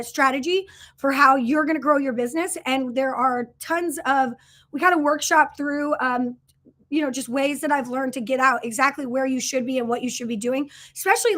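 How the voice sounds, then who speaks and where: A business coach makes a casual sales pitch on a livestream, speaking in a high, slightly bright voice. She's chatty and earnest, often using fillers and restarting sentences while she reads and responds to viewer comments.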